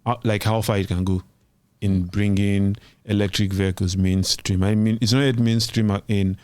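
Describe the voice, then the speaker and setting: A man's voice: on the low side, steady tone, normal speed, darkish tone, clear, resonant tone, dry recording. A man co-hosting a tech podcast, thinking aloud in a casual, hesitant way. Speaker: podcast co-host.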